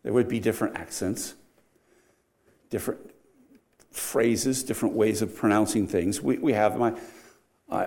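An older pastor with a lowish voice preaches a sermon full of wry humor. He swings sharply between loud emphasis and quiet, earnest moments.

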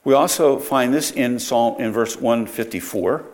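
A man's voice: mid-range voice, unhurried, darkish tone. A man teaching a Bible study lecture, explaining verses with frequent rhetorical questions and self-corrections.

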